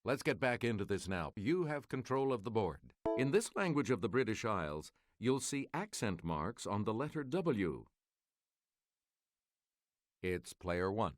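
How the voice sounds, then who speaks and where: Lively low-voiced male quiz show host. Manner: measured, formal reading of quiz clues. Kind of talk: scripted game show hosting.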